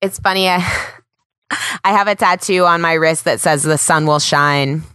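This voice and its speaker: Chatty woman host, lowish voice. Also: unhurried, sharp tone, clean tone, dry recording. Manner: chatty, filler-heavy, laughs easily. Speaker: podcast host. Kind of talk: casual interview chat.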